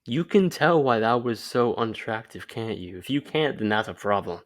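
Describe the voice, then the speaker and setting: A man's voice: on the low side, expressive, normal speed. A young man giving casual, rambling dating advice straight to camera, filling his talk with "like". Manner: rambling, loose, lots of "like" fillers. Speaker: vlogger.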